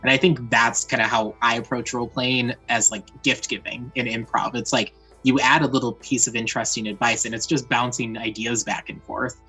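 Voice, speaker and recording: Earnest player, husky, encouraging, casual tone. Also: medium pitch, level tone, fairly quick, few pauses, sharp tone, faint music behind, low-quality recording. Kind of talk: casual chat about tabletop gaming.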